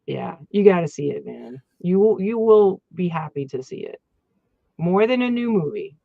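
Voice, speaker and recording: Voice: mid-range voice, sing-song, normal speed, gravelly, no echo, phone-quality sound. A podcast co-host in casual chat, making short remarks and pushing a movie recommendation.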